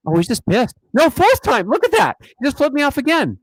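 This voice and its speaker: A man hosting a casual live stream, talking in an animated, mocking way and often repeating himself. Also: very high-pitched, fairly quick, no echo, low-quality recording. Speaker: host of a dashcam channel live stream.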